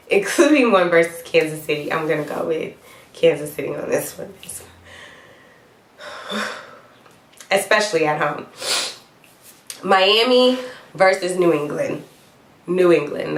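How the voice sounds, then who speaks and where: A woman with a cold, coughing now and then, chatting casually through her football picks with little laughs and the odd "y'all". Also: fairly low pitch. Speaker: vlogger giving football picks. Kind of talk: casual to-camera picks vlog. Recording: echoey room.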